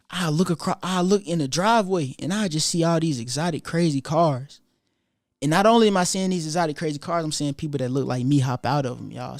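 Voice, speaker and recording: Animated young man, slangy storytelling. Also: a little high, no room sound. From Atlanta, USA. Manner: animated, profane street slang, acts out quoted voices. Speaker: YouTuber telling his story. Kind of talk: casual storytelling monologue.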